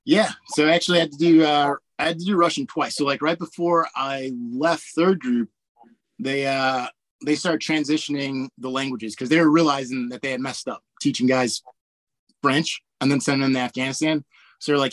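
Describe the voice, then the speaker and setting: A man in his forties from Indiana, an army pilot, telling stories in a relaxed, chatty way full of fillers and frequent laughs. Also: medium pitch, brisk, no room sound. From Indiana, USA. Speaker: guest, army warrant officer pilot. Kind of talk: casual storytelling interview.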